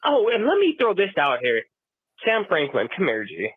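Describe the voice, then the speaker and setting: A man rants and swears in exasperation about his team's play, voice pitched a bit high. The sound is dry and tinny, like it comes over a phone line. He talks as a podcast co-host reacting right after a game. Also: huge pitch swings, moderate pace, slightly rough, no room sound. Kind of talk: heated sports reaction rant.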